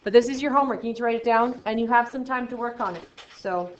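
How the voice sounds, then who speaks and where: A woman math teacher giving a classroom lesson to students, talking in a chatty, playful way with jokey asides and swings from loud to quiet. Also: fairly high pitch, fast. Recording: echoey classroom, dull lo-fi sound.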